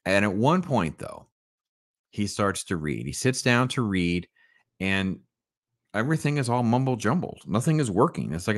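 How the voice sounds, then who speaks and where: Man, deep voice, dry close sound, enthusiastic casual review host. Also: fairly bright tone, dry recording. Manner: enthusiastic, keeps checking in with "right?". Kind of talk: casual retro cartoon review.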